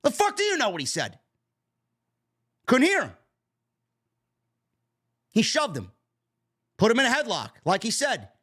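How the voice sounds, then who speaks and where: A man ranting on a stream with a high voice that swings widely up and down. He is profane and exasperated, and he mocks people in sarcastic put-on tones. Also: huge pitch swings, unhurried, pauses often, a bit bright, slightly rough. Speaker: wrestling commentary host.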